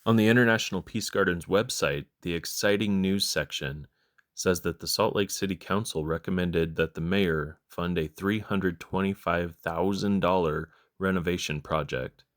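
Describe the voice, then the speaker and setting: Young male vlogger, low-pitched, deadpan narration with dry wit. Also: moderate pace. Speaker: history vlogger.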